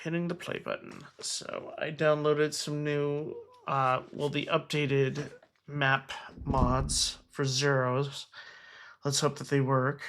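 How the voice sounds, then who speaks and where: A man's voice: mid-range voice, flat delivery, slow pace, a bit bright. A man hosting his own game stream in casual chat, earnest and talkative, with wry jokes at his own expense. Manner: earnest and chatty, with wry self-mocking jokes.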